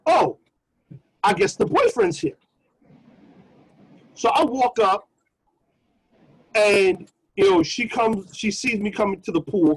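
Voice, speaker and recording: A man co-hosting a podcast, telling a personal story in a casual, slangy, animated way. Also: high-pitched, husky, poor audio. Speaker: podcast co-host.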